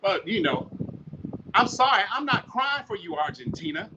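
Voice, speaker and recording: Male podcast host, high pitch, blunt profane preachy rant, muffled noisy recording. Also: very animated, moderate pace. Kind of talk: ranting monologue. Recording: muffled with loud noise.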